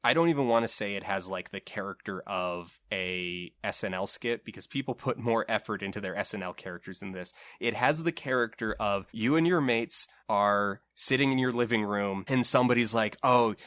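A man with a low voice, heard in a dry, close recording with no room sound. He guests on a film podcast and breaks down craft points in an analytical, emphatic way. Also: normal speed, hardly any pauses, fairly bright tone, no echo. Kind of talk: casual film discussion.

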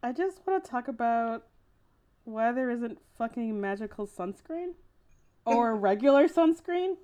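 A woman's voice: fairly high pitch, lively intonation, a little slow, dark tone, smooth. A woman co-hosting a casual podcast chat, heated and exasperated, swearing constantly. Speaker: podcast co-host.

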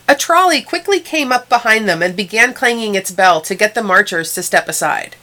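A woman hosting a history segment, giving scripted narration in a dramatic, measured storytelling manner. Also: mid-range voice, animated, bright, forceful tone.

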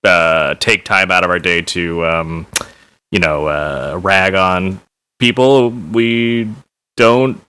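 A man's voice: low-pitched, slow pace, sharp tone, clear, resonant tone. A man co-hosting a pop culture podcast, chatting casually and laughing often. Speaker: podcast co-host. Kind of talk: casual chat.

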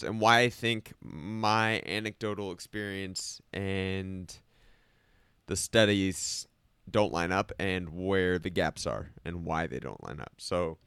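A man's voice: on the low side, fairly bright tone, clean tone, dry recording. A man co-hosting a casual podcast in a studio, talking at length with a skeptical slant and a slight lisp from teeth aligners. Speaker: podcast co-host. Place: small recording studio. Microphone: studio microphone.

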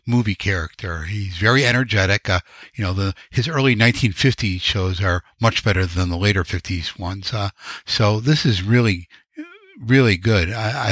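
A man co-hosting a podcast, giving relaxed opinions with dry quips. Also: fairly low pitch, no echo. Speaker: podcast co-host. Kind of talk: conversational film discussion.

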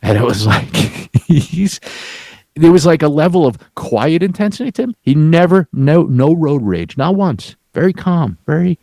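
A man's voice: on the high side, sing-song, measured pace, warm tone, dry recording. A man telling a rambling, profanity-laced work story in casual chat, with frequent restarts.

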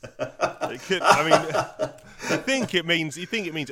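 A middle-aged man co-hosting a podcast in casual chat, jokey and animated as he tells stories. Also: mid-range voice, moderate pace, a little hiss or hum. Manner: chatty, jokey, animated storytelling. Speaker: podcast co-host.

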